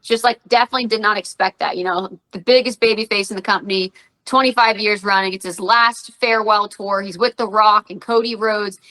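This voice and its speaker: Bright-voiced woman telling wrestling stories. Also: medium pitch, brisk, rough recording. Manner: animated storyteller, acts out quotes. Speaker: guest, professional wrestler and radio personality. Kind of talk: casual podcast interview.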